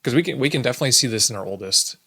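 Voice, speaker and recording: A man's voice: medium pitch, expressive, racing, pushed and bright, breathy edge. A man in his thirties co-hosting a parenting podcast, chatting casually and asking thoughtful, guiding questions. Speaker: podcast co-host.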